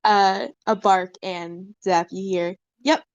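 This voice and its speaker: A woman's voice: medium pitch, animated, measured pace, no echo. A woman narrating a tabletop game as game master, with many fillers. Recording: dull, dry call audio.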